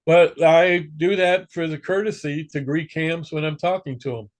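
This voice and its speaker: The instructor, a man whose voice is a little high, speaks at a normal speed with fairly even intonation. Leading an amateur radio class, he keeps things casual and joking, occasionally pausing to correct himself.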